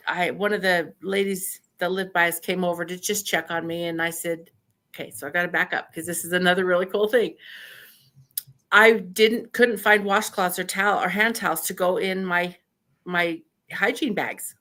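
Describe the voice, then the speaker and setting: Older idaho lady, bright voice, tells stories in a chatty way and acts out the quotes, laughs a lot. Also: fairly low pitch. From Idaho, USA. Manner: animated storyteller who laughs often and acts out quotes. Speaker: podcast guest. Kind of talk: casual storytelling interview.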